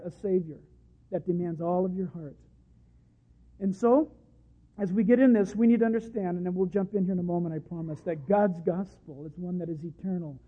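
A man's voice: sits high, mellow, breathy edge. A man preaching a sermon with passion, now and then acting out quoted voices. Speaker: pastor. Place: church service. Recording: tinny phone-like sound.

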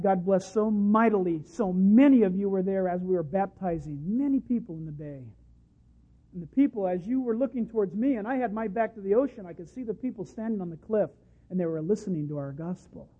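A man's voice: high-pitched, brisk, breathy edge. A man preaching a sermon with passion, now and then acting out quoted voices. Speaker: pastor. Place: church service. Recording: tinny phone-like sound.

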